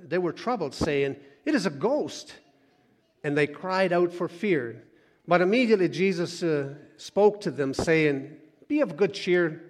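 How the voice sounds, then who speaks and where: A man preaching a sermon, moving between loud urging and soft, hushed asides. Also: fairly high pitch. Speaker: pastor. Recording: long hall reverb.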